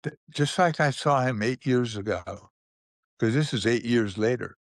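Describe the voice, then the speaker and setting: An older man, a guest in an interview, telling anecdotes in an unhurried way, with restarts and small chuckles. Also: mid-range voice, no echo, clean studio sound.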